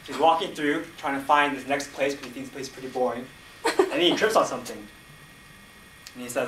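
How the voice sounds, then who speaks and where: A man improvising an animated story at a club meeting, heard from across an echoey room. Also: medium pitch, a little fast, long pauses. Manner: animated, laughs as he tells it. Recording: echoey room, distant mic, faint noise.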